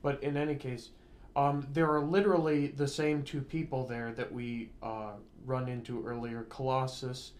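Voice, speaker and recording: Male co-host, mid-pitched, hesitant delivery, dry offhand remarks. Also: flat delivery, moderate pace, a little mellow, a little hiss or hum. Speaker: co-host reviewer. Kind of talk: casual unscripted movie review chat.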